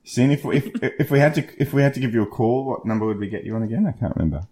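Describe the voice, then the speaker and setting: A man's voice: medium pitch, racing, warm tone. A man co-hosting a casual gaming podcast, jokey and laughing often. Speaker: podcast co-host.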